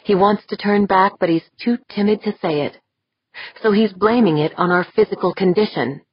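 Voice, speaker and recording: A woman's voice: mid-range voice, normal speed, breathy edge, no room sound, muffled recording, voice pushed up, close to an everyday voice. A woman reading the part of a young woman in chest pain, short of breath. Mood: pained, urgent.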